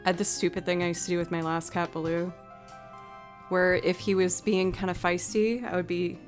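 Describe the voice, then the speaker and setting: A young woman chatting casually on her livestream, full of "like" and filler, now and then slipping into soft baby talk. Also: on the low side, flat delivery, normal speed, faint music behind. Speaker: livestreaming musician.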